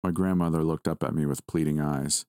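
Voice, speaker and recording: A man narrating a first-person horror story in a measured, steady reading. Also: very deep voice, no echo, studio quality.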